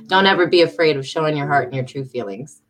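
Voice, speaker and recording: A woman in her thirties hosts a livestream from home, chatting with viewers and warmly reading her own poetry aloud. Her voice sits low with lively intonation at a moderate pace, and she comes across as emotional and chatty.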